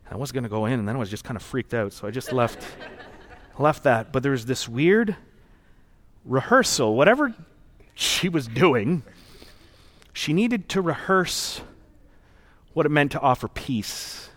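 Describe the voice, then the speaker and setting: A man's voice: mid-range voice, lively intonation, a little slow, long pauses, a bit bright. Earnest conversational male pastor. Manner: conversational, earnest, reflective storytelling. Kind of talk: sermon.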